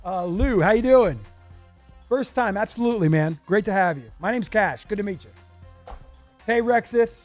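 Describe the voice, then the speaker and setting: A man's voice: high-pitched, lively intonation, normal speed, pauses often, faint music behind. A man hosting a live card-break stream from a small studio, chatty and upbeat, reading buyers' names off a list with lots of fillers. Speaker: card break show host.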